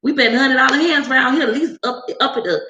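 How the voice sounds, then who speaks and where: A woman voicing a pushy male high-roller at a casino table, loud and coaxing. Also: fast talker, reverberant, highs cut off, a little hiss or hum.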